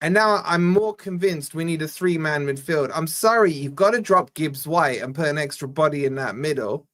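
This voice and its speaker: A young man from Scotland hosting a live fan watch-along, giving exasperated, chatty play-by-play and reading out viewer shout-outs. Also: fairly high pitch, moderate pace. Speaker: fan channel host.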